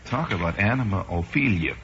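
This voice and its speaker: A man's voice: low-pitched, animated, fairly quick, background noise. A man in his forties from Chicago, a radio host rambling through a wry, improvised comic monologue. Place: radio studio. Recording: muffled 1960s radio broadcast.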